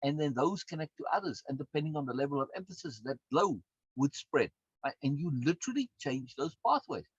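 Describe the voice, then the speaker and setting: A man's voice: fairly high pitch, animated, fairly quick, breathy edge, no echo. A man, a course instructor and coach, giving a recorded lecture in an emphatic way, repeating words and often adding tag questions. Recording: dull, dry lo-fi sound.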